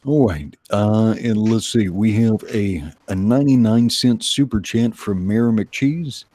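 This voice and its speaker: A man's voice: lowish voice, darkish tone, no echo. A man hosting a live art stream, joking dryly and reading out viewer messages. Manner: dry joking, reads viewer messages aloud. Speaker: show host. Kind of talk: casual livestream banter.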